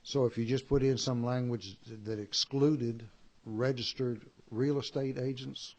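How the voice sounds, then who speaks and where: Wry lawmaker questioning a witness. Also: male voice, medium pitch, fairly even intonation, measured pace, a little mellow. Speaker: legislator asking questions.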